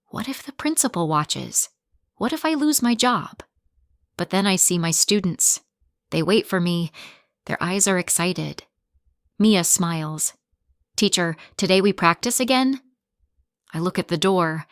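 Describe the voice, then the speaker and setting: A woman narrating a simple graded-reader story in short, clear, deliberate sentences. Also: lowish voice, expressive, no room sound, clean studio sound.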